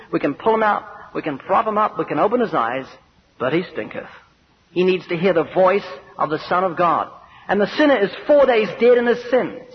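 Emphatic preacher, a man, high voice. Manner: earnest, emphatic, acts out anecdotes. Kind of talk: evangelistic sermon. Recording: dull lo-fi recording with faint noise.

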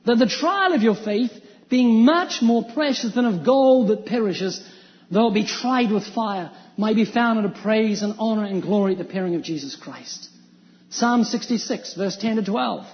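A man from New Zealand preaches with a fairly high voice, quoting scripture and briefly acting out the people in his stories. His voice rings through a large hall with a long reverb, and the recording sounds muffled and dull. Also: moderate pace. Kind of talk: sermon.

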